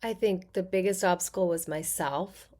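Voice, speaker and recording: Animated middle-aged woman telling stories. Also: lowish voice, normal speed. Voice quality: character-actor voice. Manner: animated, acts out quoted voices in her stories. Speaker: podcast guest, actor and therapist. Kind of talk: casual interview talk.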